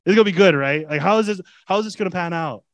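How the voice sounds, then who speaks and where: A man voicing an eager male apostle in a prison cell, musing aloud with excitement. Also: medium pitch, a little fast, breathy edge, dry recording, voice pushed down. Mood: excited.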